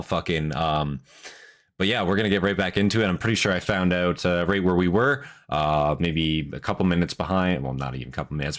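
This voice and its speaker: Low-voiced, exasperated swearing streamer man. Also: a bit bright. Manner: exasperated, heavy swearing, rambling. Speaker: streamer reacting to a video. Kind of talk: casual live-stream chat.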